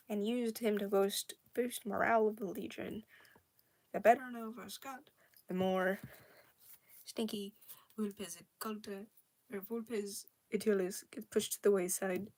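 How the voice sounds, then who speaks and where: A young woman casually rambling about her original characters, with many fillers, restarts and giggles. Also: mid-range voice. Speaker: storyteller.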